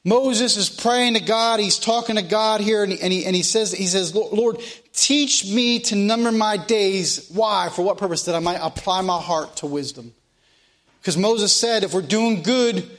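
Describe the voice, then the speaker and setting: Pastor, man, high voice, slow emphatic preaching and prayer. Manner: preaching with slow, emphatic phrasing, sometimes repeating himself. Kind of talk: sermon and prayer.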